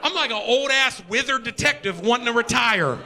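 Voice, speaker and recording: A middle-aged male stand-up comedian, doing an energetic, profane, exasperated set on a live stage. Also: very high voice, brisk. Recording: live show with audience laughter.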